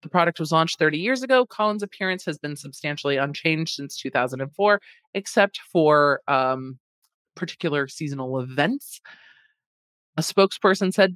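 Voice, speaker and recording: A woman's voice: low-pitched, lively intonation, normal speed, a bit bright, no echo. A woman hosting a podcast, chatting casually and wryly about a food lawsuit. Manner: chatty, wry, sarcastic asides. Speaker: podcast host.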